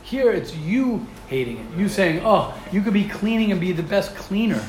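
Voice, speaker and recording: A man teaching a religious ethics class in an animated way, asking rhetorical questions and repeating himself for emphasis. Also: high-pitched, moderate pace, slight background noise. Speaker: Torah teacher. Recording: roomy echo.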